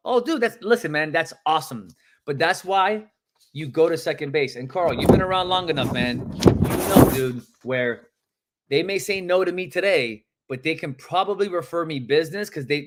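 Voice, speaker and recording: A man coaching real estate agents live, animated and emphatic, acting out phone calls and calling out viewers by name. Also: fairly high pitch.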